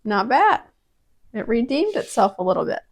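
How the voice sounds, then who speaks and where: A woman's voice: fairly high pitch, very animated, normal speed. A woman casually testing kitchen gadgets at home, chatty and prone to dramatic exclamations. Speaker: product-testing vlogger. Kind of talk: casual kitchen product review.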